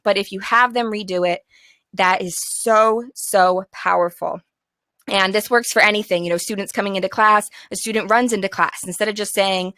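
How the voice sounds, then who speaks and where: Young woman teacher trainer, bright voice, super dry close sound, upbeat and encouraging. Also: medium pitch, fairly even intonation, normal speed, no room sound. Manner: upbeat, encouraging, acts out classroom instructions.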